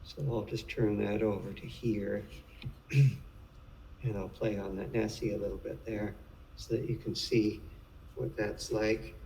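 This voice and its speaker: A man teaching a live online class, explaining a demonstration at an unhurried pace with fillers, picked up by a microphone sitting on a table. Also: lowish voice, little pitch movement, mellow. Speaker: lecturer. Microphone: table mic. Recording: echoey room from far off, noisy.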